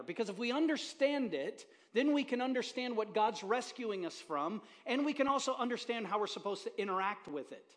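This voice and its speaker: A man preaching a casual, joking sermon as pastor, chatting with the congregation from the stage. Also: high voice. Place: church auditorium.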